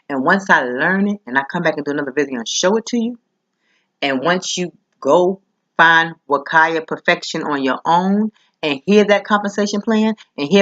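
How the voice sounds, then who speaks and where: A woman talking casually to camera in a vlog, chatty and quick, acting out what others said to her. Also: sits low, fairly bright tone, muffled recording. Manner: chatty, fast, acts out quoted voices. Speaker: vlogger promoting a business.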